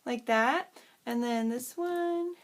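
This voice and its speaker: A woman with a slightly high voice speaks slowly as she hosts a crafting tutorial. She's a bubbly, self-deprecating craft channel host who chats, rambles, and often loses track of what she was saying.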